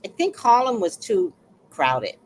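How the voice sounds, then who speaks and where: A woman in her sixties hosting reaction commentary, animated and playful, who often repeats her phrases. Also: mid-range voice, a little slow, slight background noise. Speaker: host.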